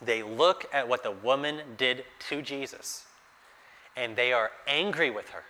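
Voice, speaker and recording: A man's voice: medium pitch, a little slow, sharp tone. A man preaching a sermon through a Bible passage, talking conversationally and asking his listeners rhetorical questions. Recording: echoey hall with long reverb.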